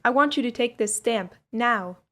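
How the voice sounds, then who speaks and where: A woman voicing a bold, quick-tempered young woman who passes as a young man, speaking in an emphatic, determined way. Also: fairly high pitch, a bit bright. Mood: firm, sarcastic.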